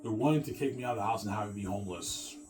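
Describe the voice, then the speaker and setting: A man's voice: fairly low pitch, rapid-fire, far from the mic, background noise. A man ranting in a rambling, agitated monologue, cursing and repeating himself. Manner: agitated, profane and repetitive, ends phrases with "man".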